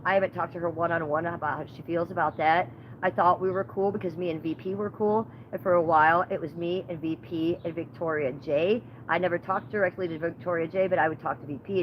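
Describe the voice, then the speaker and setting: A woman's voice: on the low side, lo-fi sound, slight background noise. A woman hosting her own livestream, rambling through profane, gossipy stories in casual chat. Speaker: livestream host.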